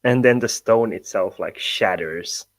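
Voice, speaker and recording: A man with a lowish voice narrating a tabletop game as dungeon master, in no hurry at all. He talks through a home computer mic with a dry, close sound. His narration is halting and full of chuckles. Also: dry recording. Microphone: home computer mic on voice chat.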